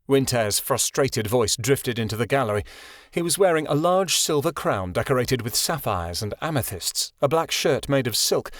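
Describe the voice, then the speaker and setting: A man narrating a fantasy audiobook in an expressive storytelling read. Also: mid-range voice, no room sound, studio quality.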